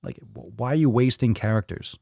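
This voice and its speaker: A man's voice: mid-range voice, a little fast, creaky, mellow, no room sound, clean studio sound. A man hosting a fitness live stream in casual chat, rambling and joking, with a lot of swearing. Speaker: fitness livestream host.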